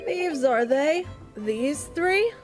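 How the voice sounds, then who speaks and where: A woman's voice: sits high, expressive, drawn-out words, soft background music, full character voice. A woman voicing a stern, formal male judge, reading game dialogue aloud. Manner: formal, commanding.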